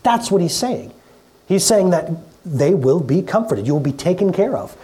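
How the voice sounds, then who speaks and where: A middle-aged pastor preaching in a relaxed, conversational way in a church, often repeating words and laughing at themself. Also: medium pitch, moderate pace. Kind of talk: conversational sermon. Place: church hall.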